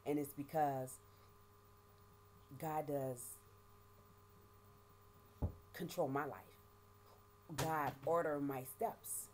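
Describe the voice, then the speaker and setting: A middle-aged woman giving a halting, emotional personal testimony, often repeating words and speaking of her faith. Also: sits low, fairly even intonation, darkish tone, a little hiss or hum. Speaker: vlogger sharing life after prison.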